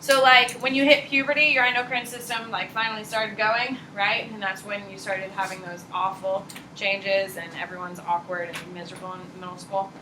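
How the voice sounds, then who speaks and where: A woman teacher giving a casual, animated classroom lecture, blunt and chatty. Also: medium pitch, normal speed, few pauses, background noise. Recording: echoey classroom from far off.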